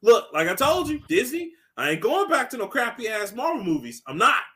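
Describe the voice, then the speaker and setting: A man co-hosting a podcast in casual chat, animated and often laughing, acting out movie characters. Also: extremely high pitch, brisk, husky. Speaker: podcast co-host.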